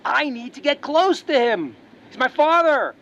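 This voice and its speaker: A man's voice: very high voice, very animated, a little slow, sharp tone, pitched above the performer's own voice, heavily acted. A man doing a desperate young prince. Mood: urgent. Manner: urgent, pleading. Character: desperate young prince, fallen on hard times.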